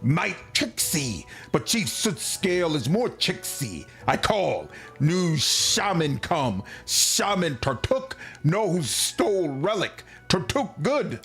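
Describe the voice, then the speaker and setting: A man's voice: on the high side, very animated, slow, fairly bright tone, soft background music, heavily acted. A man voicing a proud small male kobold chief who blusters in broken pidgin speech. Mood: indignant.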